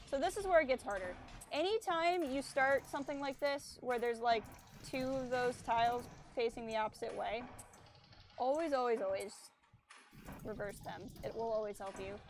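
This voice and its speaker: A woman's voice: a little high, gravelly, a little hiss or hum. Chatty woman streamer narrating gameplay. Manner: chatty, explains game mechanics, teases enemies. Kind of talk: casual gameplay commentary.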